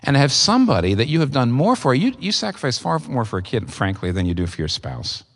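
Emphatic preacher in a reverberant hall. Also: male voice, huge pitch swings, fairly quick, fairly bright tone, husky. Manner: earnest, emphatic, with sudden rises in pitch. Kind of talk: sermon.

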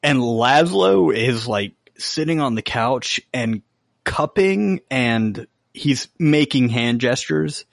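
Podcast co-host, eager and emphatic, dry room. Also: male voice, mid-range voice, animated, slow pace, no room sound. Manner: enthusiastic, emphatic recommending. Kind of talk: casual chat.

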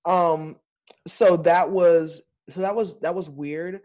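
Animated male Broadway performer. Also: on the high side, slow pace. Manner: animated, expressive storyteller. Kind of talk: casual interview talk.

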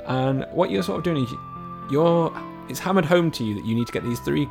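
A man co-hosting a casual podcast, telling a video game story in a relaxed way with some swearing. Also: fairly high pitch, a little fast, creaky, music in the background. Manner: laid-back storytelling, frequent swearing and laughs. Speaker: podcast co-host. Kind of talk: casual chat about video games.

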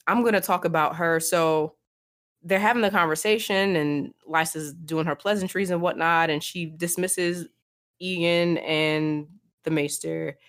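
An emphatic young woman co-hosting a casual podcast, her voice sitting a little low for a woman. She talks in an animated, slangy way and throws her opinions right out. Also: a little slow. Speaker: podcast co-host. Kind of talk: casual podcast chat, reading book passages aloud.

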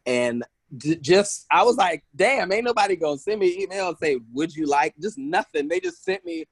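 A man speaking as a podcast guest, telling casual stories with lively energy and acting out other people's voices. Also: a little high, moderate pace, no echo, poor audio. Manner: animated, acts out quoted voices, laughs often. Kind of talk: casual storytelling interview.

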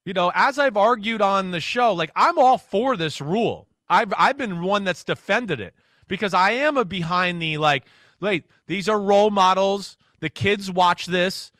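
A man with a high, bright, forceful voice tells stories on sports talk radio, playing out every quote. He sounds like a former quarterback in his forties, and the sound is dry and close on the mic. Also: unhurried, dry recording. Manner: animated storyteller who acts out quotes. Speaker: guest analyst, former NFL quarterback.

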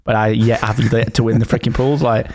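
A man's voice: mid-range voice, flat delivery, fairly quick, darkish tone, a little hiss or hum. A man co-hosting a casual podcast, playful and rambling, speaking into a new microphone. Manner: playful, rambling, banter-prone. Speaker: podcast co-host.

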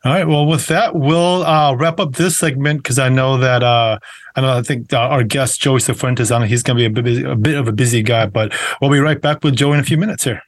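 A man's voice: mid-range voice, fairly even intonation, a little fast, no room sound. Man, show host, casual interview, chatty, fillers, dry close sound.

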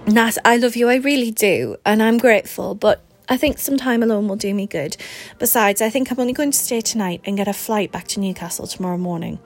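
A woman's voice: medium pitch, a little fast, faint music behind, lightly acted. A woman voicing a weary young pregnant woman who talks in a subdued, wry way, as if holding back tears.

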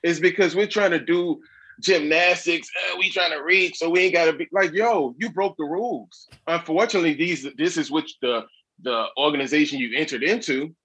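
A man's voice: fairly high pitch, a bit bright, husky. A man talking in casual podcast chat, emphatic and sarcastic. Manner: emphatic, sarcastic, fast-flowing.

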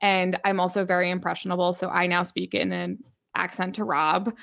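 A woman's voice: on the low side, fairly even intonation, fairly quick, creaky, a bit bright. A young woman co-hosting a podcast, chatting casually in a bubbly way with many fillers. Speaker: podcast co-host. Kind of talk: casual chat.

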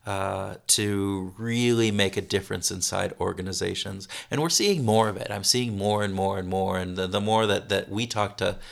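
A man being interviewed as a consultant, speaking in a halting way with many restarts and repeated words. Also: deep voice, vocal fry. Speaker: consultant guest. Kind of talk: interview conversation.

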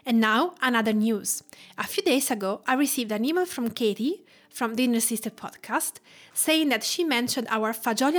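A woman from Tuscany with an Italian accent, hosting a cooking podcast in careful, explanatory narration. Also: on the high side. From Tuscany, Italy. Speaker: podcast host, cook and food writer.

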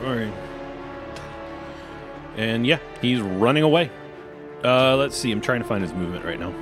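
A man's voice: medium pitch, normal speed, music in the background. A man running a tabletop game as game master, laid-back and chuckling between rulings.

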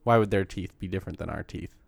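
A man co-hosting a casual podcast chat, telling stories with animated laughter and casual swearing. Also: deep voice, fast, vocal fry, dry recording.

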